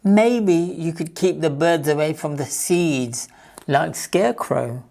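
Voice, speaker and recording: A woman's voice: low-pitched, slow, vocal fry, warm tone, full character voice. A woman voicing a bossy, easily annoyed female duck in a children's storybook reading, snapping and sighing at others.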